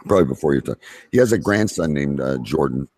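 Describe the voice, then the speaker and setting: A man's voice: extremely low pitch, animated, fast talker, a little mellow, breathy edge, no room sound. A man hosting a casual podcast, rambling with many fillers. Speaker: podcast host.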